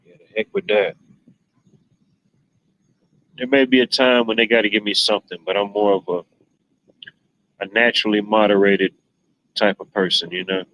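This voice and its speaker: A man's voice: fairly low pitch, fairly even intonation, normal speed, long pauses, a bit bright, highs cut off. A man hosting a livestream, chatting casually, rambling and joking with viewers. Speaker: livestream host. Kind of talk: casual chat reading viewer comments.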